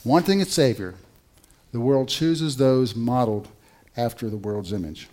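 A male pastor delivers a sermon in a lively, conversational style, putting rhetorical questions to his congregation. His voice is medium-pitched and his pace measured.

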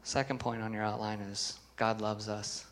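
A man's voice: fairly low pitch, flat delivery, normal speed, fairly bright tone. A man preaching a sermon as pastor, earnest, reading scripture with emphasis and putting questions to the congregation.

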